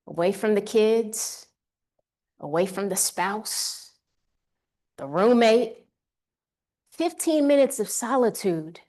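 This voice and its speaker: A woman giving an energetic motivational keynote on a conference stage, leading the audience in call-and-response. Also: mid-range voice. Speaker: keynote speaker.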